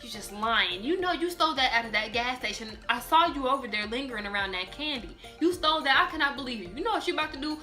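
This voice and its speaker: A woman's voice: high-pitched, lively intonation, fast talker, few pauses, bright, forceful tone, faint music behind. A young woman voicing a stern, disappointed mother scolding her daughter. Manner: scolding, accusing.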